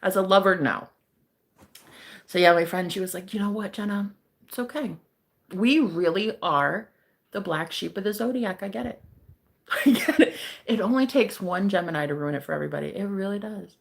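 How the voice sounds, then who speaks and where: A woman's voice: medium pitch, moderate pace, gravelly. A brash, joking woman chatting casually as a streamer, breaking into laughter often. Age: adult, married eight and a half years. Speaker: psychic streamer. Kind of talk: casual chat.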